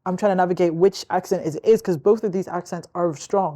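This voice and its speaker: Young woman host, Northern Irish accent; mellow, rambling, reflective chat. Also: lowish voice, fairly even intonation, fast talker. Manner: rambling, filler-heavy, reflective. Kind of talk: casual chat.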